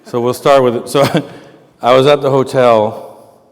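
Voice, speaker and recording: A man giving a festival lecture in a rambling, self-mocking way, often pausing with fillers. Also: mid-range voice, fairly even intonation. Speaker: keynote lecturer. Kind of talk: informal speech with anecdotes. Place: large festival lecture hall. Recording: reverberant lecture hall.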